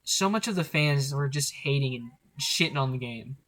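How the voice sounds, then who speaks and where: A young man co-hosting a podcast, chatting casually in an animated way, swearing and laughing often. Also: medium pitch, moderate pace. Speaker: podcast co-host. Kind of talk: casual chat.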